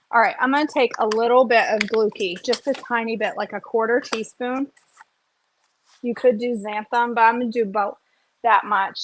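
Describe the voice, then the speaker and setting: Woman, slightly high voice, casual cooking vlog, chatty. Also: no echo. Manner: chatty, often adds "okay?" and "y'all". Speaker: cooking vlogger.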